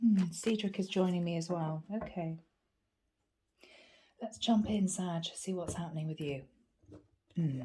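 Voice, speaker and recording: A woman with a gravelly voice from a cold, giving a chatty, animated tarot reading. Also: lowish voice, a little slow, long pauses, slight background noise. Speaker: tarot reader. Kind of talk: casual spoken tarot reading.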